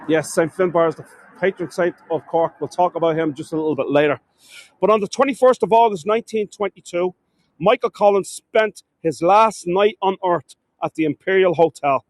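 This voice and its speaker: An Irish tour guide narrates a live walking tour through city streets, calling his viewers "folks" and often stumbling over words and correcting himself. His voice is on the high side, and the recording is dry.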